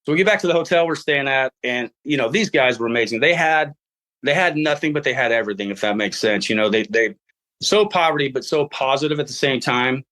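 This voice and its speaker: A man's voice: mid-range voice, a little fast. A middle-aged man telling a story in casual podcast talk, acting out his own past lines and laughing as he goes. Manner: animated, acts out his own past dialogue; laughs while telling stories. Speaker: podcast guest.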